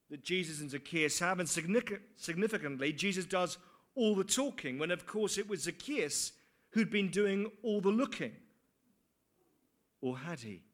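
High, bright-voiced preacher. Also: male voice. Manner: earnest, with rhetorical questions and dry asides. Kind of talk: sermon.

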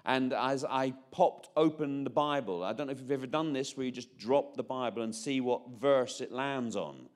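A Northern Irish man in his fifties preaches his personal testimony in a mid-range voice at normal speed, with few pauses. He's chatty, often interrupting himself, restarting, and tossing in jokey asides.

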